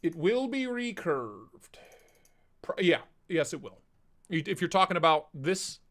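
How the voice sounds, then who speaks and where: A man's voice: a little high, big pitch swings, slow, fairly bright tone. Man talking through a voice changer. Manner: casual, chatty, reads out chat and laughs. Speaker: live stream host. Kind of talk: casual live stream chat.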